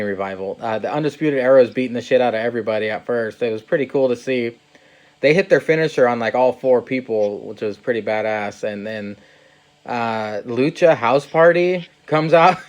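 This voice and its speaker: A man's voice: mid-range voice, highs cut off. Man chatting casually about wrestling. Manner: laughs often, swears, acts out quotes. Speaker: podcast host.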